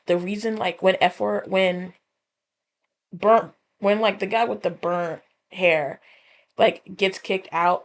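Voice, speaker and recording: A woman, the video's editor, adding casual, incredulous commentary and rambling with lots of "like". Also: lowish voice.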